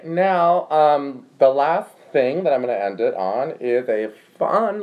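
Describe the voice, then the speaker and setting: Young guy chatting to viewers, rambly and full of "like", muffled lo-fi sound. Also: medium pitch. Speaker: livestream host. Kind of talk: casual chat.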